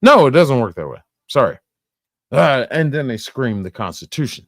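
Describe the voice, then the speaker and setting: A man's voice: medium pitch, very animated, moderate pace, dry recording, clean studio sound. A man casually reacting on a live stream, profane and rambling, often laughing.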